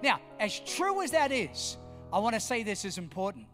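A man's voice: sits high, very animated, moderate pace, fairly bright tone. A man preaching a sermon, emphatic and repetitive, firing questions at his congregation. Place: church hall. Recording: long hall reverb, faint music.

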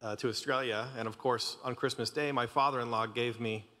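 A man's voice: medium pitch, fairly even intonation, fairly quick, in a large hall, very noisy. A man from Canada in his thirties preaching a casual, joking sermon, often stumbling and restarting his sentences. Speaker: pastor. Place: church sanctuary.

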